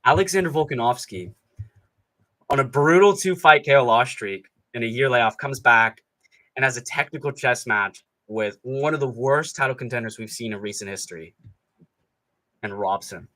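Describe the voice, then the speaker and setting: A man's voice: medium pitch, normal speed, bright, forceful tone. A young man hosting a live fight reaction stream, ranting sarcastically with plenty of profanity. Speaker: streamer host.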